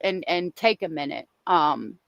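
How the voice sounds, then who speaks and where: A woman chatting casually as a podcast co-host, agreeable and quick to affirm. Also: low voice, animated, gravelly, no echo, lo-fi sound. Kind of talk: casual chat.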